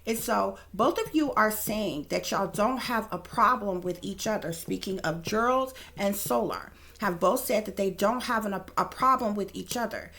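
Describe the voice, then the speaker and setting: A woman's voice: mid-range voice, normal speed, few pauses, fairly bright tone. A woman psychic reader giving casual, blunt, profane commentary straight to her viewers.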